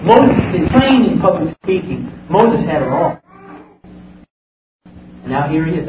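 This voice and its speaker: Male preacher, high voice, emphatic; live sermon recorded far off in an echoing room. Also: expressive, moderate pace, long pauses. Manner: emphatic, swings from loud exclamations to low murmurs. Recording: distant roomy dull live recording with background noise.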